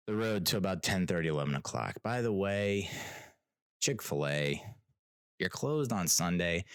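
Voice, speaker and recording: A young adult man, hosting a podcast and telling an exasperated, animated story that mimics other people. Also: low voice, dry recording. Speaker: podcast host. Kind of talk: casual ranting monologue.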